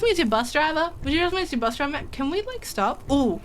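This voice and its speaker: A woman's voice: high-pitched, animated, quick pace, hardly any pauses, slight background noise. A young woman streamer chatting casually with her viewers while playing a game, giggling and joking. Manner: chatty, giggly, talks to chat. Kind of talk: casual gaming commentary.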